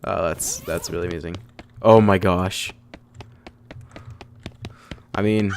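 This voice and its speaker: Young male let's player, lowish voice, hesitant and casual, drifts into a joking cowboy drawl. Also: steady tone, takes it slowly, long pauses, a little hiss or hum. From the American West. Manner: casual, hesitant, with many ums; reads game text aloud, sometimes in a put-on cowboy drawl. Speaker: gamer. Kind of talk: let's play commentary.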